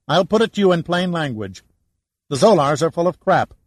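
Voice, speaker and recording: A man voicing an angry, indignant woman archaeologist in an audiobook, his voice raised and sharp. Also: fairly high pitch, very animated, moderate pace, dry recording, pitched above the performer's own voice.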